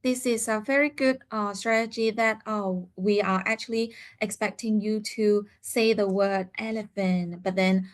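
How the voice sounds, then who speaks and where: A woman leads a seminar for parents. Her voice sits at an average pitch, and she explains each step slowly with frequent "uh" fillers. Now and then she acts out the lines of a parent or a child.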